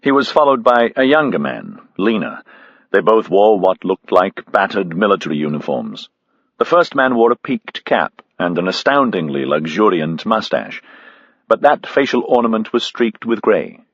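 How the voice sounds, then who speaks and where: Gravelly, lively male audiobook narrator. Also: fairly low pitch, moderate pace, dry recording, highs cut off. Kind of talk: scripted narration.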